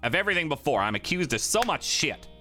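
A man's voice: sing-song, fast, soft background music. Exasperated man ranting in character. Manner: exasperated, ranting, swinging from low grumbles to loud outbursts. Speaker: tabletop player. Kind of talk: in-character tabletop role-play.

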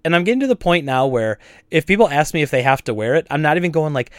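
A man co-hosting a podcast, ranting in a casual, animated and exasperated way about store customers. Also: fairly high pitch, quick pace, no room sound, studio quality. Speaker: podcast co-host and store owner.

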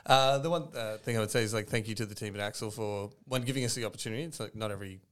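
Relaxed, earnest man, low-pitched and smooth, podcast guest. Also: rapid-fire. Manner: relaxed, earnest, thinks aloud. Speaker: podcast guest from a coffee roaster. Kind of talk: casual podcast interview.

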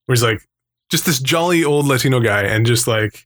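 A man's voice: mid-range voice, lively intonation, fairly quick, fairly bright tone. A man in casual chat, telling a rambling, swearing story full of tangents.

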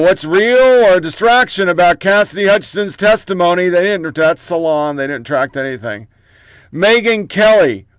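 A man's voice: high voice, no room sound. A man hosting a political commentary show, reading out headlines in short clipped bursts with profane, mocking asides.

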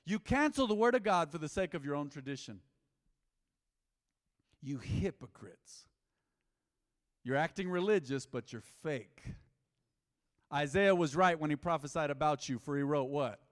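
Animated middle-aged pastor preaching. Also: male voice, fairly high pitch, unhurried, pauses often. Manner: animated, humorous preaching with acted-out quotes. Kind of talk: sermon. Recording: echoey hall with long reverb.

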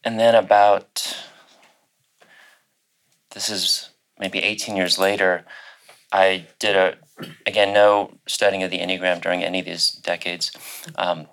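Man, middle-aged, very low pitch, hesitant, restarts a lot, personal story, panel guest. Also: flat delivery, unhurried, long pauses. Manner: hesitant, many fillers and restarts, soft laughs.

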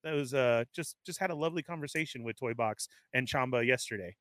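Bright upbeat male stream host. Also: mid-range voice, fast talker, no room sound. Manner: upbeat, rambling shout-outs to viewers. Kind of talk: live-stream casual chat. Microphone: webcam setup at home.

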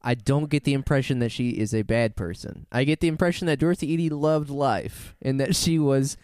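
A man's voice: mid-range voice, a little fast, clear, resonant tone, dry recording, clean studio sound. A man co-hosting a podcast, casually telling a story, laughing often and correcting himself as he goes. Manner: laughs often, animated, rambling with self-corrections. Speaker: podcast co-host.

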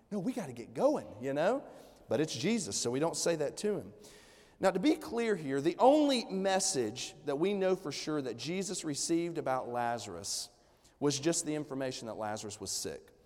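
A man delivers a sermon in a chatty, storytelling way, full of fillers and asides. His voice sits somewhat high for a man. The sound carries a long reverb from a church sanctuary. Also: darkish tone. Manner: conversational storytelling preaching, many fillers. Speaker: pastor.

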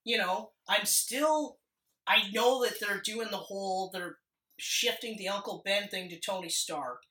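A woman's voice: mid-range voice, measured pace, bright, forceful tone, echoey room, far from the mic, poor audio. A woman with a sick voice chatting enthusiastically about a movie, swearing casually as she co-hosts. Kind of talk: casual movie review chat.

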